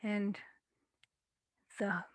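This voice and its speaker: Slow, measured woman storyteller. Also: mid-range voice, little pitch movement, dry recording. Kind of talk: oral folktale telling.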